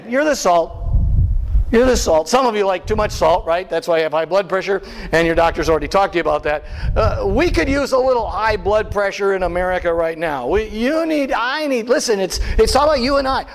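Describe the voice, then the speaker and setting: A man preaching a sermon as pastor, animated and full of rhetorical questions and asides to the congregation. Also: sits high. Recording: long hall reverb.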